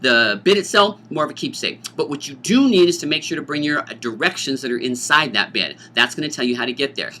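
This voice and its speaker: Middle-aged guy teacher running through dance rules, goofy and animated, bright voice that swings up and down a lot. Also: fairly high pitch, fast, few pauses. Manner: animated, jokey, acts out student voices. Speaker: teacher organizing a school dance. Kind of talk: informational talk to students.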